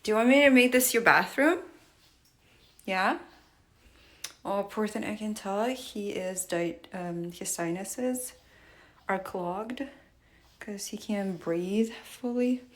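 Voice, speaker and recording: A woman chatting casually in a vlog, talking to her pet in a soft, doting voice with hushed asides. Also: mid-range voice, slow, pauses often. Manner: soft, doting baby-talk with frequent laughs and hushed asides. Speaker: vlogger.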